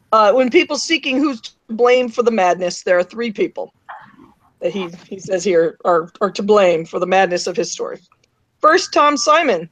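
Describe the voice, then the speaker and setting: A woman's voice: a little high, dull audio. A woman co-hosting an online panel, chatting and reading a guest's message aloud with small self-corrections. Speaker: co-host. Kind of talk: casual roundtable chat and reading aloud.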